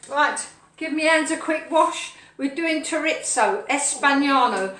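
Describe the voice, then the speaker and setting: A woman's voice: high voice, a little slow, a bit bright. A woman hosting a casual live cooking show, chatting playfully with viewers and her dogs as she cooks. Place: home kitchen. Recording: echoey kitchen with faint noise. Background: frying and sizzling food.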